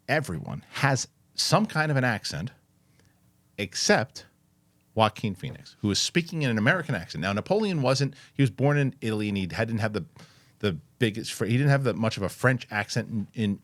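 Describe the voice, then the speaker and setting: Rambling low-voiced man chatting on a show. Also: no room sound. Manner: rambling, animated, many restarts and fillers. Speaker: host. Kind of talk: casual chat.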